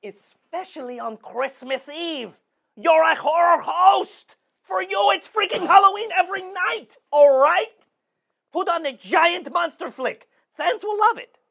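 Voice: sits high, big pitch swings, measured pace, gravelly, a bit bright, heavily acted. Someone doing a cranky ghost horror host, fake French accent. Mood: scolding. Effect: phone call.

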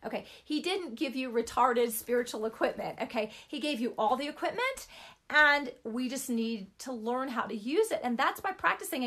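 A woman's voice: high-pitched, fairly bright tone. A middle-aged woman giving an informal Christian teaching talk, chatty and emphatic, repeating words for stress.

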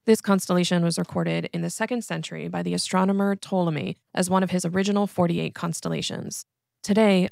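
A woman giving a calm, clear scripted narration as an astronomy educator. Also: on the low side, no echo, clean studio sound. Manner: calm, clear instructional delivery.

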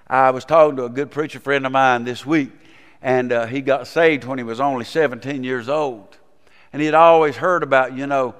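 Pastor preaching in a reverberant church. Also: male voice, on the high side. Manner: folksy storytelling preaching, asks the congregation questions. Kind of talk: sermon. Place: church sanctuary. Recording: long reverb in a church sanctuary.

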